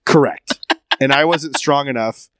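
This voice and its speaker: A man in his thirties telling animated stories in a casual chat, laughing often. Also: mid-range voice, measured pace, no room sound.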